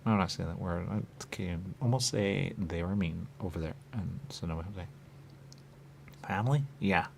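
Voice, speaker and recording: A man hosting a radio show, talking in a rambling, repetitive monologue with muttered asides and sudden loud bursts. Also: low-pitched, moderate pace, vocal fry, slight background noise. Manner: repetitive, playful, muttering asides, wide swings in loudness. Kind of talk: rambling stream-of-consciousness monologue.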